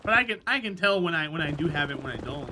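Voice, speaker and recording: High-voiced man chatting on stream. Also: lively intonation, quick pace, background noise. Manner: rambling, chatty, laughs easily. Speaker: game streamer. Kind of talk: casual live-stream chat while gaming.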